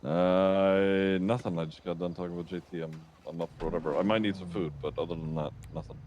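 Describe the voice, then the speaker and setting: A man's voice: sits low, steady tone, brisk, dull audio, a little hiss or hum. A man talking in character during a roleplay, earnest and hesitant, often stumbling and restarting.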